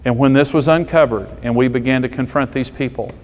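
A middle-aged man, a pastor, preaching a sermon with emphatic delivery and stories told with dramatic pauses. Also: medium pitch. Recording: long hall reverb.

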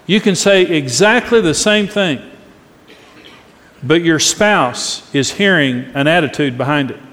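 Man, middle-aged, pastor, sermon, emphatic, earnest, higher voice, long hall reverb. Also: expressive, a little slow, fairly bright tone. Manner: earnest, emphatic, demonstrates tones aloud. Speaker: pastor teaching on marriage.

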